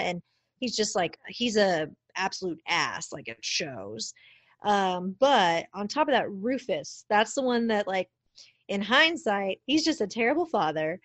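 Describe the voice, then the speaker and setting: A woman chatting casually with a co-host, animated and full of fillers, getting worked up. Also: medium pitch, no room sound. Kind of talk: casual chat.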